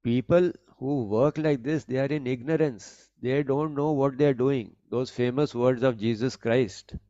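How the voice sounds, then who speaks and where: A man giving a spiritual discourse on scripture, speaking deliberately and explaining each point, often rephrasing as he goes. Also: mid-range voice, warm tone, no room sound, highs cut off. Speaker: spiritual teacher.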